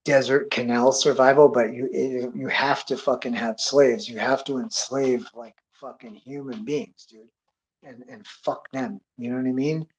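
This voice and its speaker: A man of middle pitch rambles through a wild tale, swearing freely and drawling "dude" again and again. He gets excitable, jumping into sound effects as he goes. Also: normal speed, rough recording. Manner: acts out sound effects and voices. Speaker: storyteller. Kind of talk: rambling comic monologue.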